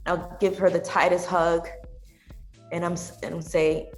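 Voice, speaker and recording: Woman, podcast guest, emotional storytelling, lower voice, roomy sound. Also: flat delivery, unhurried, soft background music. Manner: heartfelt, emotional, dreamy storytelling. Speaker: guest, singer and tea business owner. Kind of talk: candid podcast conversation.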